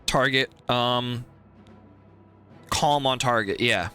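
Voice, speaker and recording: A man's voice: medium pitch, slow, sharp tone, soft background music. A man streaming a video game, commenting live and pleading and swearing at the characters on screen.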